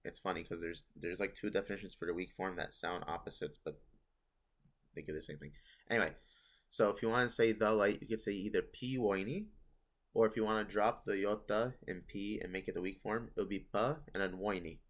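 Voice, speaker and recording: A man's voice: fairly low pitch, steady tone, brisk. A man teaching a casual online grammar lesson, explaining step by step and correcting himself as he goes. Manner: explains step by step, self-correcting, thinking aloud. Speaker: language teacher.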